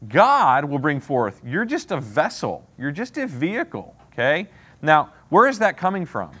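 A man's voice: a little high, big pitch swings, moderate pace, pushed and bright, slightly rough. A man teaching an interactive Bible lesson, asking the class questions and often checking in with "okay?" and "right?".

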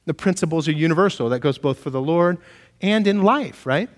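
A male pastor preaching a sermon with animated storytelling, sometimes acting out shouted back-and-forth exchanges. His voice sits a bit high. It rings out with a long reverb tail, as if he is in a large room. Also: a little fast.

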